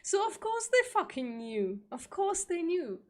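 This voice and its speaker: A woman's voice: extremely high pitch, sing-song. A woman streaming live, reading an article aloud and breaking off into emotional, heavily sworn asides, tearful at times. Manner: slow, swears often, emotional asides.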